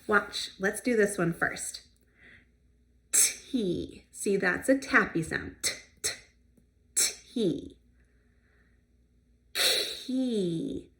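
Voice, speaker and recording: A woman speech therapist leading a children's sound practice lesson, modeling sounds clearly and giving encouraging praise. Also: mid-range voice, a bit bright. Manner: slow, clear modeling of sounds with pauses for kids to repeat.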